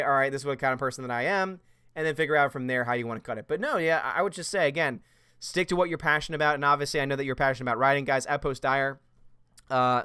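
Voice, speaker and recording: A man's voice: a little high, sharp tone, smooth, no echo, clean studio sound. Chatty man hosting a livestream. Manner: chatty, laughs often, reads chat comments aloud. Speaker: host. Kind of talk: casual livestream chat.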